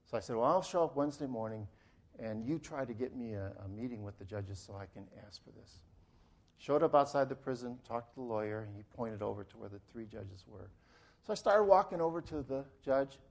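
A middle-aged man preaching with a gravelly, creaky voice. His pitch sits in the ordinary middle for a man. He tells his story earnestly and leads the congregation softly in prayer. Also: expressive, fairly quick. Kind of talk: sermon testimony and prayer.

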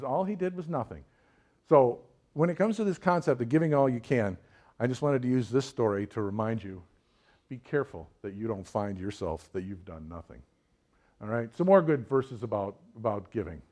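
A man preaching a sermon in a relaxed, conversational way, often asking his listeners direct questions. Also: lowish voice.

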